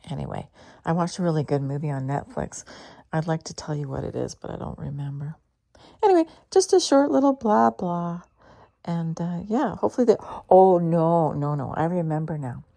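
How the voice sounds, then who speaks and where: A woman with a low, gravelly, husky voice rambles through a personal story as though chatting with her pet. Her tone is dark and mellow. She jumps between thoughts, restarts sentences, and now and then lowers her voice to a confiding hush. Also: moderate pace. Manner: chatty and meandering, with restarts and hushed asides. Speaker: vlogger talking to her cat.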